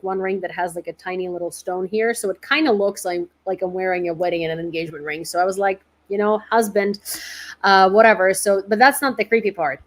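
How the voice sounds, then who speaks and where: Woman, mid-pitched, loose and chatty news commentary host, lots of "um" and "like". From Ukraine. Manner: chatty and informal, many fillers. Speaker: independent reporter and host. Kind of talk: casual news commentary livestream.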